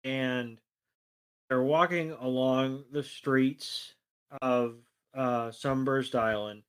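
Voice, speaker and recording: A man's voice: medium pitch, fairly even intonation, very slow, clean tone. Man, podcast co-host, loose rambling recap, lots of ums. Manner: rambling, loose delivery with many fillers. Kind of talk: casual episode recap.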